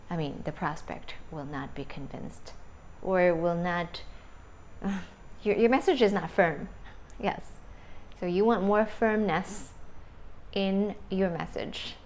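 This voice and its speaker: A woman gives an English lesson in a measured, unhurried voice, pitched a little low. She talks slowly and deliberately, demonstrating intonation with example questions. Faint background noise sits under the recording. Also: darkish tone. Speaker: English teacher. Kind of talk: video lesson.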